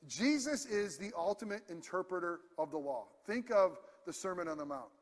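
A man's voice: high voice, lively intonation, normal speed. A man preaching a sermon as pastor, passionate and emphatic yet conversational. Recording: long hall reverb.

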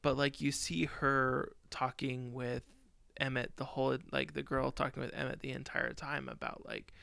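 A man's voice: mid-range voice, lively intonation, normal speed, gravelly, sharp tone, no echo. A man co-hosting a podcast, talking through a film review in casual chat, rambling with lots of fillers. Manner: rambling, lots of "like" fillers, tells personal stories. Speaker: podcast co-host.

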